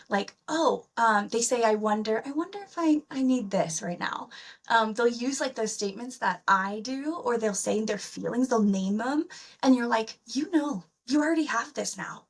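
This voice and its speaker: A woman's voice: a little high, moderate pace, distant mic. A woman therapist, a guest on a podcast, speaking enthusiastically and animatedly, with many uses of "like". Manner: enthusiastic, animated, heavy use of "like". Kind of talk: conversational podcast interview.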